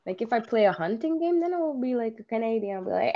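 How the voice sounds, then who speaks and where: A woman co-hosting a casual podcast chat, cutting in with quick remarks. Her voice comes through a dull, lo-fi recording. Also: on the high side, expressive, warm tone.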